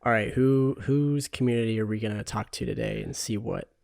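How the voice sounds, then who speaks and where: A young man co-hosting a podcast, talking in a relaxed, reflective way with hesitant restarts. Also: lowish voice, a little fast, creaky, no echo, studio quality. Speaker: podcast co-host. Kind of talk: casual chat.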